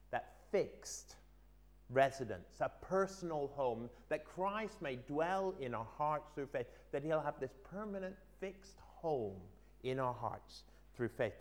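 A preacher shares an illustration in his sermon, his earnest delivery alternating between animated emphasis and softer asides. His voice is a little high.

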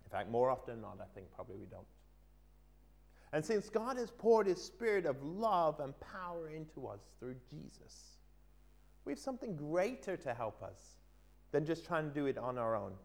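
A male preacher delivering a sermon in a slightly high voice. He tells his illustration earnestly, rising for emphasis and dropping into quiet asides. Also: normal speed, gravelly. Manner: earnest storytelling, swinging between lively emphasis and quiet asides.

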